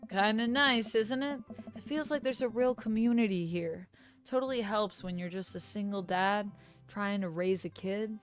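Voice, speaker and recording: A woman giving voice to a laid-back neighborhood dad from a dating game. The delivery is casual and welcoming at a middle pitch, with faint music playing behind. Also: normal speed, close to an everyday voice. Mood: friendly. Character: friendly neighborhood dad, male, middle-aged. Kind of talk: reading game dialogue aloud on a livestream.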